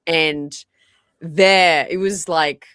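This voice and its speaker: A woman with a notably low voice chats as a podcast guest, talking in a lively, tumbling way full of "like"s and self-corrections. The sound is close and dry, with no room around it. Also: clear, resonant tone, dry recording. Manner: animated, fast, full of likes and restarts. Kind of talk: casual podcast chat.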